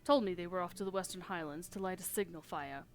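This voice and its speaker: A woman voicing a cynical lowborn male soldier with rough, common speech, reading game dialogue aloud. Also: fast talker, natural voice. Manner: rough common speech, dry and world-weary.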